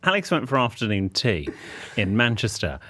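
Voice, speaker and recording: Fussy, animated man in his thirties. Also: fairly low pitch, normal speed, noisy background. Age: 30s. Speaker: podcast co-host, etiquette expert. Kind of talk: casual comic podcast chat.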